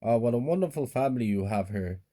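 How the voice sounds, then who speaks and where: A cheery ticket woman greets a family with welcoming warmth, as a male narrator voices her. Her voice is lifted and lively over a mellow base. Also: mid-range voice, fast, natural voice. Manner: bright and welcoming.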